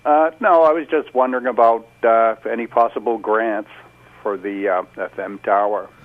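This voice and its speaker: Male caller, lowish voice, tinny phone line, easygoing. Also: fairly even intonation, moderate pace. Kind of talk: casual call-in chat.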